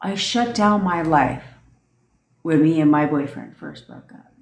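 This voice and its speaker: A young woman rants bluntly on a phone livestream, swearing freely and pressing each point hard. Her voice sits low. The sound bounces around an echoey room. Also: lively intonation, a little slow. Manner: blunt, profane, emphatic. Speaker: manifestation coach. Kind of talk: livestream rant.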